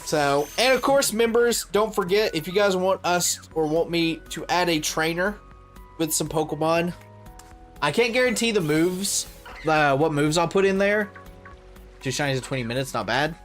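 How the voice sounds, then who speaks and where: A man chatting casually on a game stream, thinking aloud with lots of fillers and letting his phrases trail off quietly. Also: on the high side, expressive, moderate pace, soft background music. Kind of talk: casual gaming livestream chat.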